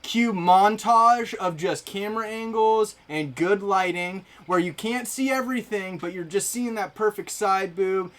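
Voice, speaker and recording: A man's voice: high voice, measured pace, few pauses, fairly bright tone. A man co-hosting a live chat show, playful, laughing often and acting out little scenes. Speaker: podcast co-host.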